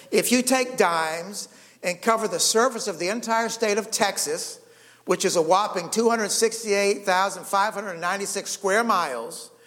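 A man preaching a sermon, emphatic, checking in with the congregation with quick "okay?" and "right?" asides. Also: high voice, fairly bright tone. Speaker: pastor. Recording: long hall reverb.

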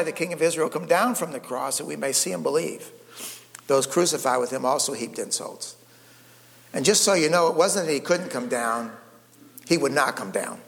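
A man preaching a sermon, emphatic, checking in with the congregation with quick "okay?" and "right?" asides. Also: on the high side, fairly bright tone. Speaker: pastor. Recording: long hall reverb.

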